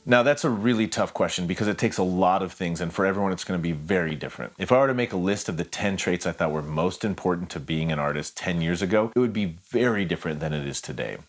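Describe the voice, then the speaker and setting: A man's voice: low voice, fast, few pauses. A man, a singer-songwriter, giving reflective vlog narration in a candid, wry way with plenty of swearing.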